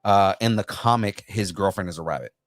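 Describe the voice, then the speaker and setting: A man with a fairly low voice chatting casually on a pop culture podcast. He rambles and stumbles through his thoughts with many fillers, recorded close and dry. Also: no echo. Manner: rambling, halting, lots of fillers. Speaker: podcast co-host.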